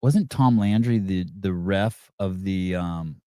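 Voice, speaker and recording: A man's voice: low voice, takes it slowly, mellow, clean tone, no room sound, studio quality. Sarcastic rambling male podcast host. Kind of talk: live call-in chat.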